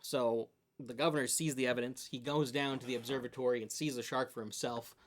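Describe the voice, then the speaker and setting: A man's voice: mid-range voice, steady tone, a little fast. Man riffing in casual podcast chat. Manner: rambling, riffing on a made-up movie plot. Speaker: podcast co-host.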